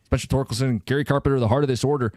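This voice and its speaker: A man's voice: mid-range voice, steady tone, racing, darkish tone, dry recording. Male sports radio host, emphatic and punchy, dry studio mic. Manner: emphatic, voice jumping up to punch points. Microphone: studio microphone.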